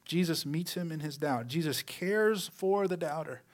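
Male pastor, slightly high voice, talky sermon full of rhetorical questions, trails off softly at phrase ends. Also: normal speed. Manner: conversational preaching with rhetorical questions.

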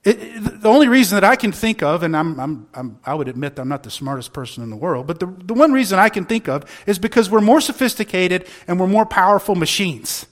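A male pastor delivers a sermon in a notably high voice. He is earnest and argumentative, pressing rhetorical questions and often restarting his words mid-thought. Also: expressive, brisk, hardly any pauses.

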